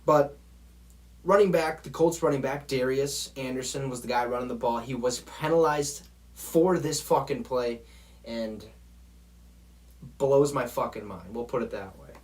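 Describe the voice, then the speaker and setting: A man's voice: medium pitch, unhurried. A man hosting a football show, ranting in a profane, exasperated way straight to his viewers. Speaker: sports show host. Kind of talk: heated football rant.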